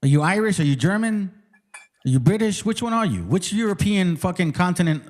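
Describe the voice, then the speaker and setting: A man's voice: high voice, sing-song, fairly quick. A man hosting a live online debate, combative and profane, who interrupts constantly and repeats himself. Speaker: host of a live debate stream.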